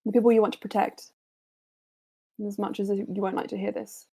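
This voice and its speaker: A woman running a tabletop game, voicing a character who gives measured, cautionary advice in her own gravelly voice. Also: mid-range voice, flat delivery, warm tone. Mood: earnest. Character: earnest character giving grave counsel.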